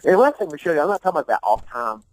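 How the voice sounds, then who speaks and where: A man's voice: a little high, very animated, rapid-fire, a little mellow, no room sound, poor audio. A man being interviewed about his music, talking in a loose, rambling, profane way, often repeating himself and laughing. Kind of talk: casual interview talk.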